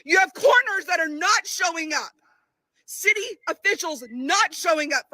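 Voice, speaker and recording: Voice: extremely high pitch, expressive, moderate pace, bright, forceful tone, no echo. A speaker in a played clip ranting furiously, swearing and hammering the same phrase again and again. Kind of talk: angry eyewitness rant.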